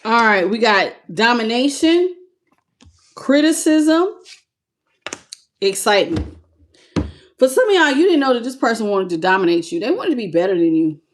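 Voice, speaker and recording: A woman's voice: fairly high pitch, animated, normal speed, long pauses, a little hiss or hum. Woman tarot reader with a country twang. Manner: chatty, greets viewers with pet names. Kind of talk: live-stream tarot reading.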